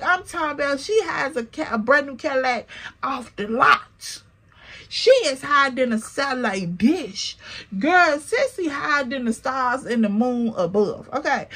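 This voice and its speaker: Woman vlogger, high voice, husky, animated slangy storytelling. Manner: animated, slangy, profane, talks to viewers as "girl". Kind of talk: casual storytelling.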